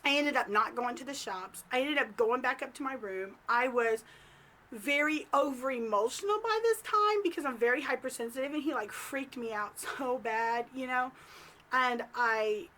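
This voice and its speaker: A woman vlog host telling a story to camera in a chatty, animated way, full of "like" fillers. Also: high-pitched, normal speed. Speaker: psychic medium and vlog host.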